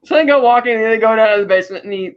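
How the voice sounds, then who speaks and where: Speaking rapid-fire in a smooth, very high voice, a male podcast co-host loosely retells a film's plot with animation, often tripping over and restarting his sentences. The recording is a bit muffled and lo-fi.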